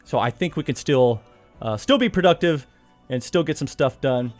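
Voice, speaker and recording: A man's voice: medium pitch, lively intonation, moderate pace, a little mellow. A man chatting casually on his live stream. He laughs often and pokes fun at himself, with faint music behind him. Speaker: live streamer and course author. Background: faint background music.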